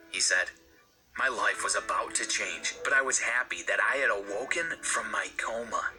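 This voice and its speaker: Guy narrating a dramatic storytime, steady and earnest, music playing behind. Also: on the low side, normal speed, rough recording. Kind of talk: scripted first-person story narration. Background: background music.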